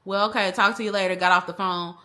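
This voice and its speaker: A young woman telling a personal story in a casual, animated way, using slang and acting out the other people. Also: medium pitch, quick pace. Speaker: vlogger. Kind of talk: storytime vlog.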